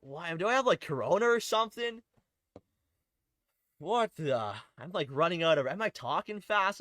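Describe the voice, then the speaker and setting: A man's voice: high-pitched, animated, normal speed, fairly bright tone, no room sound. A man hosting an online political commentary show, reading articles aloud with sarcastic, rambling asides. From Canada. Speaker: host.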